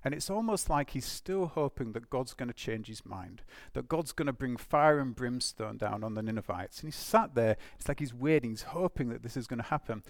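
Animated male preacher, lively pitch. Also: a little fast, hardly any pauses, dry recording, clean studio sound. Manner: animated, emphatic, with restarts and rhetorical questions. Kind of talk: sermon.

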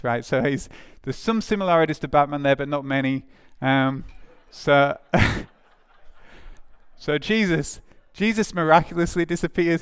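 A man's voice: medium pitch, clear, resonant tone. A man preaching a conversational sermon to a church congregation, telling a story with many fillers and restarts, and speaking to the children. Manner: informal storytelling, addresses children.

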